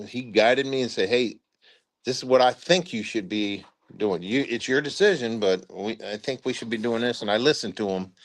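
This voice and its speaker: An older man, a retired army officer being interviewed, telling stories in a rambling, halting way with chuckles. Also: medium pitch. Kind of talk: casual spoken storytelling interview.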